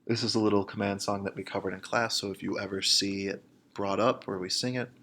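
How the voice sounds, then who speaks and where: Man teaching a lesson, low voice. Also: fairly even intonation, bright, forceful tone. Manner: plain explanatory teaching, slowing down to model phrases. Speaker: Spanish teacher. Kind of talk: recorded classroom lesson.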